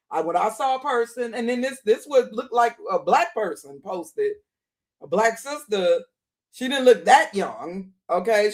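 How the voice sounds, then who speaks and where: A woman hosting a live stream, chatting casually with viewers in a talkative manner with laughing asides. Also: medium pitch. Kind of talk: casual reaction chat.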